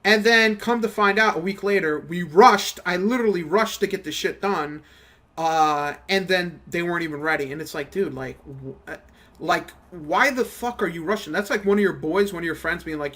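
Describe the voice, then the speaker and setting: A man's voice: a little high, fairly quick, bright, forceful tone. A young man casually ranting about work while playing a game, profane and slangy, telling stories with quoted back-and-forth. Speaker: gaming channel host. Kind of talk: casual commentary over gameplay.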